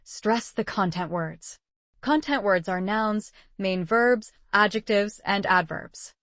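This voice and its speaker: A woman teaches English listening in a measured, scripted way. Her voice sits at a middle pitch and is recorded dry and close, with no room sound around it. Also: a bit bright, no room sound. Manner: clear, measured teaching delivery. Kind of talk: scripted lesson narration.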